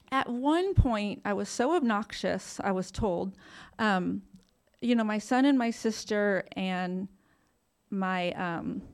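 A woman frankly telling her own recovery story, self-deprecating and casually swearing, laughing through painful memories. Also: mid-range voice. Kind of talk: candid personal storytelling.

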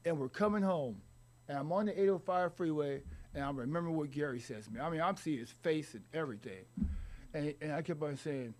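A middle-aged man telling his own recovery story in a rambling, halting way with wry humor. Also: on the high side. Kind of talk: personal recovery story told to an audience.

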